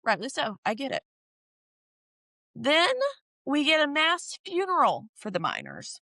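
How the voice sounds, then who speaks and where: A woman's voice: sits high, wildly swooping pitch, measured pace, bright, forceful tone, no echo. A woman co-hosting a podcast, recapping a TV show in casual chat, laughing often and acting out characters' lines. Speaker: podcast co-host.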